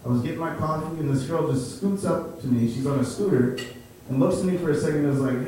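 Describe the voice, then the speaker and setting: A man's voice: a little high, animated, fairly quick, a bit bright, slight background noise. Young man doing stand-up in a roomy club. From Chicago. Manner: laid-back storytelling, laughs at his own jokes. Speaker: stand-up comedian. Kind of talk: stand-up set. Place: comedy club stage. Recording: roomy, distant club recording.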